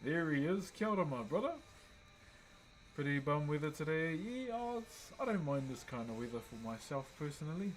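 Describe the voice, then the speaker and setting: A young man with a New Zealand accent, hosting a relaxed livestream and greeting viewers by name while he carves wood. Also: a little high, normal speed, a little hiss or hum, poor audio. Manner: laid-back, greets chat viewers by name. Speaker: livestream host. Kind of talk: casual livestream chat while wood carving.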